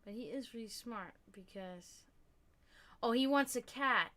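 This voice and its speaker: A woman with a somewhat high, bright, tense voice hosting a casual livestream. She talks straight to her viewers in loose, rambling stretches full of fillers and restarts. Now and then she drops a casual swear word. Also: measured pace. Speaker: livestream host. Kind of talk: casual chat with stream viewers.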